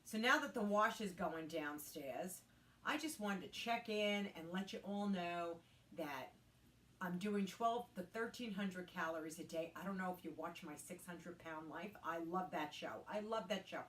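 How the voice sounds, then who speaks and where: Woman, 60s, home vlogger; candid and chatty, lower voice, recorded in a roomy space some way from the mic. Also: unhurried, fairly bright tone, slight background noise. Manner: chatty, candid, talks to her dog between points. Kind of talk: casual chat to camera. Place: home, doing housework. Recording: roomy sound, mic set at a distance.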